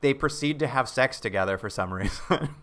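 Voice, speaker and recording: A podcast co-host casually recaps a TV episode alongside his partner, rambling, joking and acting out quotes in playful voices. His voice is medium-pitched and a bit bright, expressive and fairly quick.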